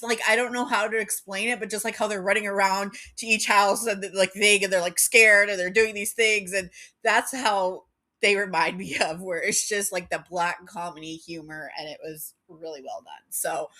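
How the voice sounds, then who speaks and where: Giggly rambling woman with a bright voice. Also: mid-range voice. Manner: rambling, giggly, heavy use of "like". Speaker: vlogger. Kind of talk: casual chat.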